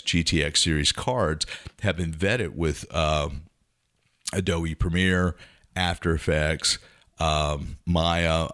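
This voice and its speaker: Deep-voiced man chatting about tech. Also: a bit bright, no echo, clean studio sound. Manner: chatty, nerdy asides, self-correcting. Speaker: podcast co-host. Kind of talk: casual tech chat.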